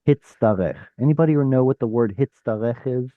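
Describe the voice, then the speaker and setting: A man's voice: mid-range voice, a little fast, dry recording, phone-quality sound. A man teaching an online Hebrew class, explaining step by step, sounding out letters and correcting himself as he goes. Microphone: video call.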